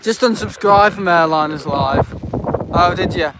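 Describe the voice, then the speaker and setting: A man's voice: high voice, measured pace. A man hosting a casual live stream outdoors at an airport, rambling and aggrieved with many fillers. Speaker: livestream host. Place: outdoors at an airport visitor park. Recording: noisy outdoor stream audio.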